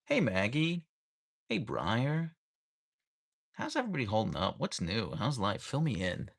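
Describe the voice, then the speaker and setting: Gravelly, animated man chatting with live viewers. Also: mid-range voice, measured pace. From United States. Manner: chatty, greets viewers by name, reads comments aloud. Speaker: livestream host reading chat. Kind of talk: casual livestream chat. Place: home, rainy day. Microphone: camera on a tripod.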